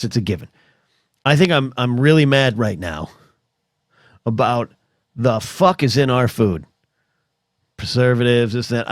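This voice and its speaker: An American man hosting a solo podcast, rambling in an animated comedic rant that is full of restarts, swearing and mock voices. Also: medium pitch, no room sound, clean studio sound. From United States.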